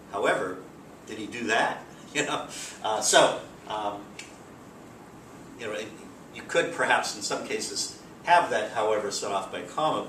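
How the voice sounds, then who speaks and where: A man teaching a grammar lesson in a relaxed, explanatory way with frequent fillers, recorded from a distance. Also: fairly low pitch. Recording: roomy, distant mic, faint background hiss.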